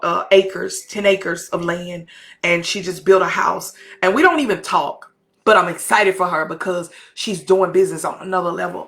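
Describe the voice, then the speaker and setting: Texan woman pastor, middle-aged, drawl, bright forceful voice, fervent colloquial preaching to a live audience. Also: lowish voice. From Texas, US. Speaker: pastor and podcast host. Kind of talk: impassioned motivational talk to a live audience.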